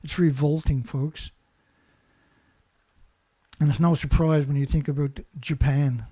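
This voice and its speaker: Hosting a show, a man rants angrily, hurling insults and going over the same points again and again. He speaks a little slowly in a fairly high, steady, mellow voice with a breathy edge.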